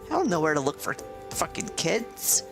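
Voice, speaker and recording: A woman's voice: sits low, sing-song, normal speed. A woman streamer giving casual, profane, sarcastic commentary while playing a game. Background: game music.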